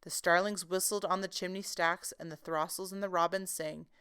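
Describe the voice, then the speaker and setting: A woman reading a classic children's story aloud in a gentle, expressive storytelling manner. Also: on the low side, normal speed, clean tone. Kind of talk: children's book read-aloud.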